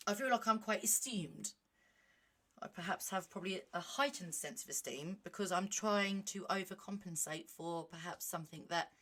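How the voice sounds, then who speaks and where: Chatty, animated woman, lowish voice. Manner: animated, chatty, self-mocking asides. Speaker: vlogger. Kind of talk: casual chat, reading a leaflet aloud.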